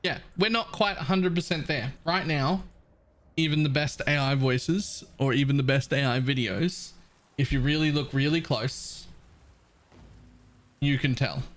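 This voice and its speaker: Young male streamer; blunt, casual, curses often, talks in an ordinary mid-pitched voice. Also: a little slow. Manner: blunt, casual, swears freely. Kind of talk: casual gameplay commentary.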